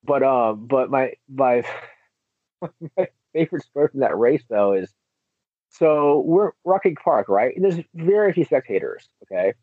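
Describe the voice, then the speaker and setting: Animated man on a tinny line. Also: medium pitch, a little slow, no echo. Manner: animated storyteller, acts out quoted voices. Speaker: marathon runner guest. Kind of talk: casual chat.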